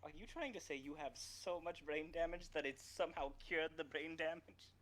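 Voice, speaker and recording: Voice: mid-range voice, steady tone, moderate pace, fairly bright tone. A tabletop game player who teases the others in casual play. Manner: teasing.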